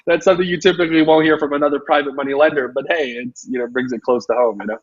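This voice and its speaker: A man hosting a casual interview as a real estate coach, telling stories with lots of "you know" and an animated delivery. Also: a little high, very fast. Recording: dull lo-fi audio.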